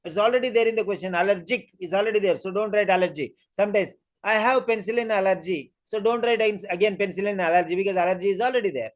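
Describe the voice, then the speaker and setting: A tutor giving a listening test lesson, talking slowly and deliberately and repeating each point to drill it in. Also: medium pitch. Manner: deliberate, emphatic teacher talk. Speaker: exam-prep tutor.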